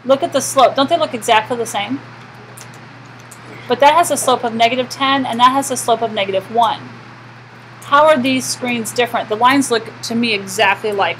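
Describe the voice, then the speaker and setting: A woman's voice: on the high side, a little hiss or hum, poor audio. Woman math teacher lecturing a class. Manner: asks the class questions and answers them herself.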